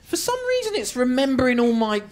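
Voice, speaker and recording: A man doing a stand-up routine, animated and self-mocking with deadpan asides. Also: extremely high pitch, brisk, crowd noise. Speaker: stand-up comedian.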